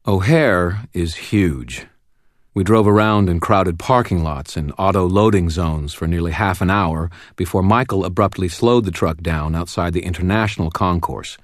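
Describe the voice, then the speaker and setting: A man narrating a first-person audiobook in a wry, steady storytelling manner. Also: low-pitched, moderate pace, no room sound, studio quality.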